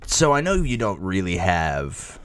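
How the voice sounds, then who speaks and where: A man in comedy podcast banter, deadpan and sarcastic. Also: sits low, measured pace, clear, resonant tone.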